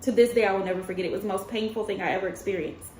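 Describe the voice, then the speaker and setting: A woman's voice: medium pitch, very fast, darkish tone, slight background noise. A woman in her thirties streaming as a tarot reader, telling a story in a chatty way, talking straight to her viewers and laughing often. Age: 30s. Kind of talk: casual livestream storytelling. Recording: roomy echo with faint ambience.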